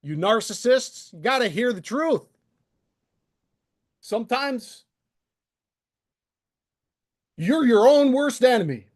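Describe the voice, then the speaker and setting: Guy with a kinda high voice ranting on his stream, fed up, cussing, calling someone out. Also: animated, measured pace. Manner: exasperated, profane, confrontational. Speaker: channel host. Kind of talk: ranting livestream monologue.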